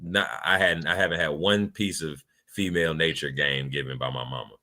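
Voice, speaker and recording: Deep, bright-toned man in blunt casual talk. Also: brisk. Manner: blunt, profane, emphatic with sudden laughs. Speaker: podcast co-host. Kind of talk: casual chat.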